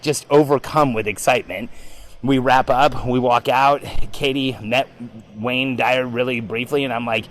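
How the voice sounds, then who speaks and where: A man hosting a podcast, telling a story in an animated, excitable way with frequent ums. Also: mid-range voice, moderate pace, rough recording. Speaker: podcast host. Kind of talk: storytelling monologue.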